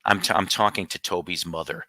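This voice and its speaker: Man, host, casual live chat, teasing, joking, gravelly, very bright tone. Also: deep voice, fairly even intonation, fairly quick, soft background music. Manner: teasing, joking, bursts of loud laughter.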